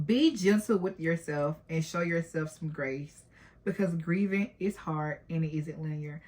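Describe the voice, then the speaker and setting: A woman's voice: deep voice, a little slow, darkish tone. A woman in her late twenties talking candidly and emotionally to her viewers in a personal vlog. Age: late 20s. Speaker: vlogger.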